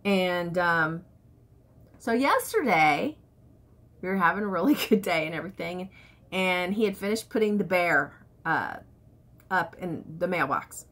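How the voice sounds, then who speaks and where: A woman's voice: lowish voice, animated, a little slow, fairly bright tone. A woman vlogger chatting candidly to camera, telling stories from home life. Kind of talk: casual chat to camera.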